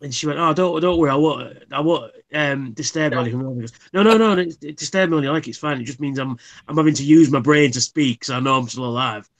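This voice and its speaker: A man's voice: on the high side, fast, hardly any pauses. Swearing guy in his thirties. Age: 30s. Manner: swears freely, rambling anecdotes. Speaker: live stream host. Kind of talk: casual chat.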